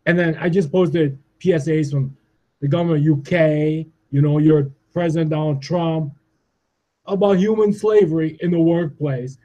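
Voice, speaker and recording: A man's voice: a little high, fairly even intonation, moderate pace, warm tone. A man in his forties from Canada, delivering a profane, agitated rant and ending his points with "all right?". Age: 40s. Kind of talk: ranting monologue.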